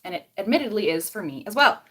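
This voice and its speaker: A mid-range, husky voice comes out fast and sing-song, a bit bright. It belongs to a young Canadian-accented beauty vlogger who chats on a livestream as she curls her hair, reading comments and rambling between steps.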